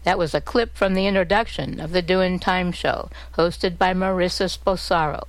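A woman presenting a radio program, reading scripted links in a clear, measured way. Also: on the low side, fairly even intonation, heavy background noise.

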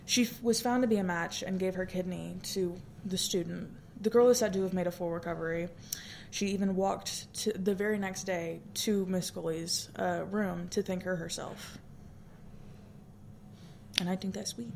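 A woman's voice: on the low side, fairly even intonation, normal speed, creaky, darkish tone, a little hiss or hum. A woman co-hosting a casual podcast, reading a good-news story aloud and chatting between items. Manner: teasing, laughing, a little scattered. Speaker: podcast co-host.

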